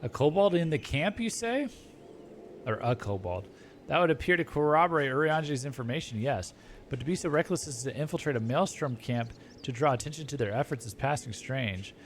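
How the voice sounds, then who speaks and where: A man's voice: medium pitch, lively intonation, slight background noise, natural voice. A man reading a formal young scholar. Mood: earnest. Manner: reading formal game dialogue aloud, brisk.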